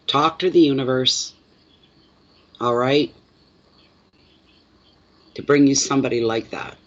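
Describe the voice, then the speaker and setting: A man's voice: mid-range voice, slow, fairly bright tone, muffled recording. Chatty Canadian man reading tarot. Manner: chatty, answers live chat comments between cards; plainspoken, repeats words for emphasis. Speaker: tarot reader. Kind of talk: live-streamed tarot reading.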